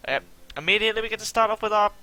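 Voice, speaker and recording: Rambling and self-deprecating, a man gives casual let's-play commentary in a high voice at a very fast clip. His delivery is somewhat monotone and full of fillers.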